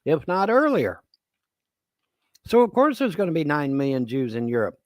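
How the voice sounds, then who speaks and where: A man's voice: fairly high pitch, very animated, moderate pace, dry recording. A man hosting a live-stream commentary, rambling and sarcastic with crude language, on a close desk mic. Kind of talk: casual ranting commentary.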